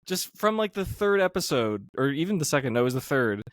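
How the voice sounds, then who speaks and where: A man's voice: on the high side, big pitch swings, a little fast, dry recording, studio quality. A man guesting on a podcast as a game master, talking in a laid-back way with casual swearing.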